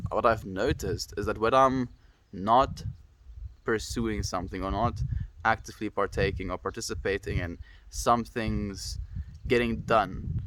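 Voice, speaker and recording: Stuffed-up young guy on a stream, kinda low voice, just musing and saying hi to chat. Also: a little hiss or hum. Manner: rambling, reflective, greets viewers warmly. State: stuffy nose, snuffly. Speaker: livestreamer. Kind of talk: casual livestream chat.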